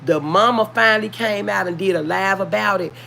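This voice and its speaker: A woman's voice: mid-range voice, brisk, vocal fry, sharp tone, a little hiss or hum. A woman with a Memphis Southern accent, chatting casually with her livestream viewers and often calling them y'all. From Memphis, Tennessee. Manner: earnest, warning tone. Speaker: livestream host.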